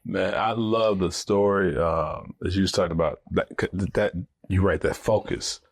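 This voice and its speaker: A man in a casual faith discussion who talks in a relaxed, conversational way and affirms the others. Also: low voice, normal speed.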